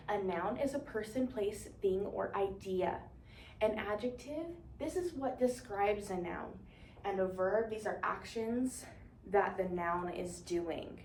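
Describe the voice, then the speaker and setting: A woman's voice: mid-range voice, darkish tone, far from the mic, slight background noise. Young woman, teacher, encouraging call-and-response, echoey room, set back from the mic. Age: young adult. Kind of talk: demonstration lesson to imagined class.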